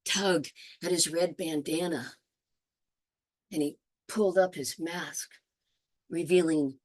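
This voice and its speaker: A woman storyteller telling a folk tale aloud, slipping into Spanish phrases and acting out the characters' lines. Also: low-pitched. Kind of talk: oral storytelling.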